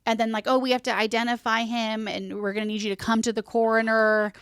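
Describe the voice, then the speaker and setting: A woman's voice: a little high, flat delivery, fast talker, fairly bright tone, clear, resonant tone, no echo, clean studio sound. A woman in her thirties, a podcast guest, giving a plain-spoken, grieving account with heavy sighs.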